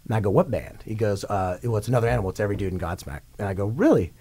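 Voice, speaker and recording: Fast-talking rambling rock singer. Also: male voice, lowish voice, slightly rough. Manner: excitable, rambling, quotes others in voices. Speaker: rock singer, radio guest. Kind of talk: casual storytelling interview. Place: radio studio.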